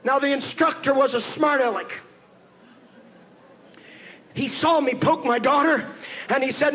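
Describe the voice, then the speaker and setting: A man preaching a sermon, telling a story and building to shouted emphasis as he calls on the congregation. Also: very high-pitched, a little slow, long pauses, poor audio. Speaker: pastor. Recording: 1990s church sermon tape with faint hiss.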